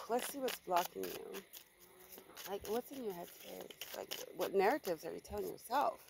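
A woman's voice: mid-range voice, measured pace, creaky, background noise. A woman giving a casual tarot reading for viewers, blunt and emphatic, swearing freely and repeating herself for stress. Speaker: tarot reader.

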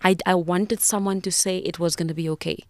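A South African woman in her thirties with a lowish voice speaks as a podcast guest. She recounts a personal story with emotion and reflection, often restarting her sentences. The sound is dry and close to the mic. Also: steady tone, brisk, no room sound.

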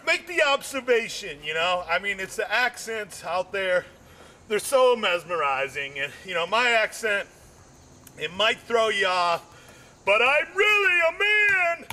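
The comedian's routine wanders as he circles back on himself and says "you know" again and again. He talks a little slowly, and his pitch jumps up each time he gets worked up.

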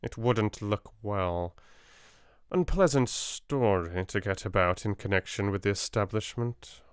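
A man's voice: on the low side, clear, resonant tone, no room sound, clean studio sound, close to an everyday voice. A man doing a cool, sinister British solicitor. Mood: calm. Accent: British English. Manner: calm, unhurried, faintly sinister. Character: cool, shrewd middle-aged male solicitor. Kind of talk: soft-spoken audiobook reading.

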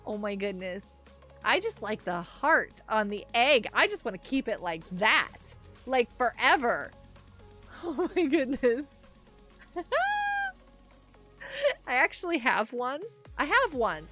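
A woman with a very high, bright voice that leaps up and down as she chats through a live game stream. She talks at an unhurried pace, gushing and giggling as she thanks viewers. Faint game music plays behind her. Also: big pitch swings. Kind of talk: casual live gaming stream chat.

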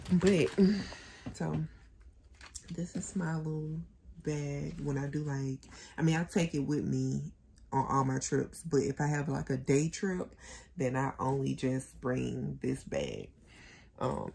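A woman's voice: sits low, vocal fry, dark tone, slight background noise. A young adult woman vlogging casually from her bedroom at home, chatty and rambling, talking with her retainers in. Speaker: lifestyle vlogger. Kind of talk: casual vlog chat.

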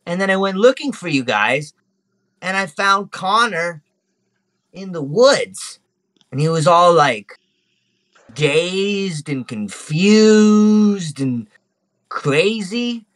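Man doing an excitable boastful monkey, pitched up, tabletop game. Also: slow, pauses often, no room sound, full character voice. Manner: gushing, excitable, bragging. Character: lovestruck little male white monkey, eager and boastful.

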